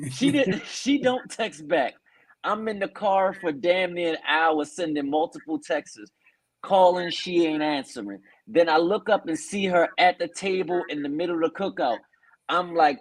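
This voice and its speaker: A man's voice: on the high side, moderate pace, no room sound, poor audio. A man hosting a talk show, animatedly telling a listener's story and acting out the quotes. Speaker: podcast host.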